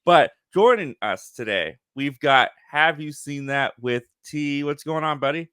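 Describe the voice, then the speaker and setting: A man's voice: a little high, animated, measured pace, fairly bright tone, clean tone, no echo, clean studio sound. A man hosting a casual live movie chat show, easygoing and chatty with firm opinions. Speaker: host.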